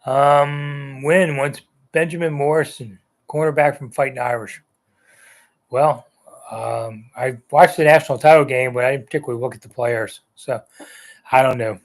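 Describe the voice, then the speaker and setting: A man's voice: mid-range voice, steady tone, moderate pace. A man in his sixties hosting a live sports chat, answering viewer comments in a loose, rambling way. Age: 60s. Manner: rambling, conversational, with frequent ums and uhs. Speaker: sports talk host.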